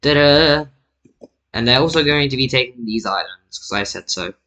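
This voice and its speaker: With a mid-range voice, lively intonation and a sharp tone, a British man talks at normal speed over a screen recording of map drawing. His narration is casual and rambling, full of corrections and jokey asides, and the recording is rough.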